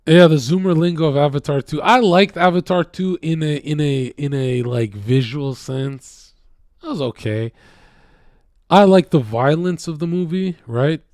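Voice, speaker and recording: A man ranting casually to viewers, profane and combative, swinging from loud outbursts to low mutters. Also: unhurried, dry recording, clean studio sound. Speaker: streamer.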